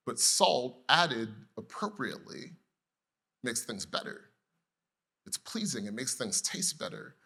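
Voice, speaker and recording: A man preaching a sermon with a strikingly bright, forward tone at an everyday middle pitch. He talks conversationally, weaving humorous personal stories into the teaching. He keeps throwing questions at his listeners. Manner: storytelling with humor. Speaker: pastor.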